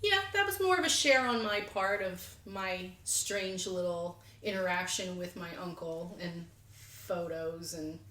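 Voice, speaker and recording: Woman co-host, chatty storyteller; bright, animated voice, recorded in a roomy echo. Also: fairly low pitch, measured pace. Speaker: podcast co-host. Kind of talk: casual chat.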